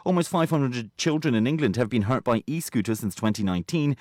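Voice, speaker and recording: A man reading a local radio news bulletin in a brisk, formal delivery. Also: medium pitch, lively intonation, darkish tone, no echo, studio quality. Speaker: newsreader.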